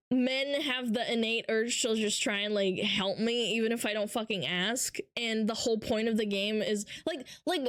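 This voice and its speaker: High-voiced woman ranting on stream. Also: fairly bright tone, no room sound, clean studio sound. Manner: ranting, profane, mocking impressions. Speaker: livestreamer. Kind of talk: casual livestream chat, reacting to chat.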